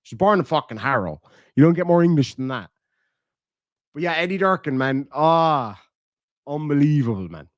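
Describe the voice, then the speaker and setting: A man's voice: a little high, expressive, normal speed, long pauses, dry recording, studio quality. An Irish man streaming, casually chatting and reading out viewer comments, swearing and laughing between rambling asides. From Ireland. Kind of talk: casual live-stream chat.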